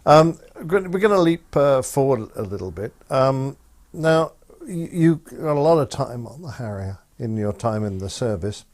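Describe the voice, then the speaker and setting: A man's voice: medium pitch, very animated, moderate pace, a little mellow. Polite male podcast interviewer. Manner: polite, prompting, hesitant fillers. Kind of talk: interview questions.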